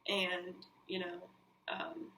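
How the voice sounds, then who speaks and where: A woman hosting her own podcast, telling a personal story in an animated, candid way, with frequent swearing and quick asides. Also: on the low side. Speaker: podcast host. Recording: mic a little distant, faint hiss.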